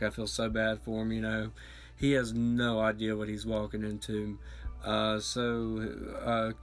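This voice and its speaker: A man's voice: mid-range voice, fairly bright tone, low-quality recording. A man giving a casual spoken review of a TV episode, rambling along with lots of fillers and self-corrections. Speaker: film and TV reviewer.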